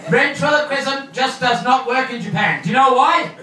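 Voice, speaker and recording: A man's voice: very high-pitched, moderate pace, bright, forceful tone. Australian man doing stand-up in an echoey club. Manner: loose, joking, mixes in Japanese. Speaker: stand-up comedian. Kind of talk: stand-up comedy set. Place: comedy club stage. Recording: echoey room from far off, noisy.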